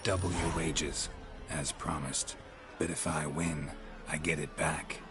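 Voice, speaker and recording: An actor voicing a gruff male monster hunter who speaks in a terse, calm, dry way, in video game acting. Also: very deep voice, slow. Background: game music.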